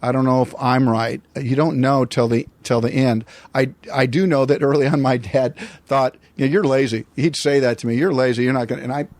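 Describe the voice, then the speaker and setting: Older american guy telling a long personal story, mid-pitched voice, lots of restarts. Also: fairly even intonation, fairly quick, few pauses, a little mellow, no echo. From United States. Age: 60s. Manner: reflective, rambling with many restarts. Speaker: guest. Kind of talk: storytelling in an interview.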